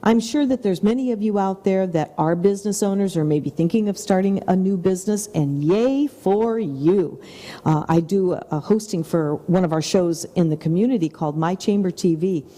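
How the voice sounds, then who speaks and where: A woman's voice: on the low side, normal speed, long reverb tail. A middle-aged woman co-hosting a talk show, speaking in an effusive, upbeat motivational way. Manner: effusive and upbeat, with soft whispered asides. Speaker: TV show co-host.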